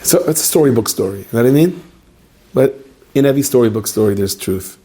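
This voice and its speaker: A man's voice: medium pitch, lively intonation, quick pace, warm tone, slightly rough. A man, a rabbi, telling a story in a sermon, chatty and full of joking asides, with Yiddish and Hebrew words mixed into his speech.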